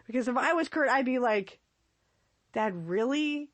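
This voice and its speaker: A woman's voice: high-pitched, fast, dry recording. A woman hosting a podcast solo, talking casually and chattily with frequent laughs and fillers. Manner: chatty and giggly, with lots of fillers and repeats. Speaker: podcast host.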